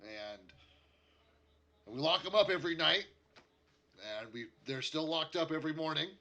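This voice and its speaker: A man's voice: on the high side, animated, moderate pace, bright, forceful tone, pitched above the performer's own voice. A man voicing a brusque male foreman of a logging camp who barks orders at his crew. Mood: explaining.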